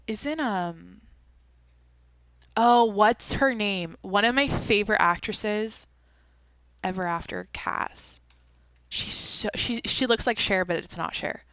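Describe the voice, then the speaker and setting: A woman's voice: medium pitch, measured pace, pauses often, a bit bright, dry recording. This is a young woman talking casually on her own podcast, with a voice that sits right in the middle of the range. She drifts from thought to thought and swears freely as she goes. The sound is close and dry. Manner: rambling, swears often, thinks aloud. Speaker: podcast host. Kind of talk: casual solo chat.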